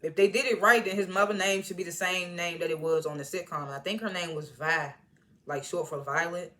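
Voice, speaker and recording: A woman casually recapping and reviewing a TV episode, animated and slangy, with indignant asides as she retells the scenes. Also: fairly low pitch, fairly quick. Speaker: TV show reviewer.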